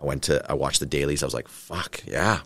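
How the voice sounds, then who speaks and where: A man from Canada, a film director, chatting in an interview and acting out scenes in quick little voices. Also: very deep voice, level tone, gravelly. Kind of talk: casual interview storytelling.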